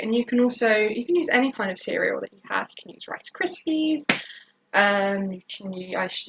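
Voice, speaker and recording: Rambling British woman hosting a bake-along. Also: mid-range voice. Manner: rambling, many fillers and restarts. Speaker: baking stream host. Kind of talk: casual live baking tutorial. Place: home kitchen. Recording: dull lo-fi stream audio.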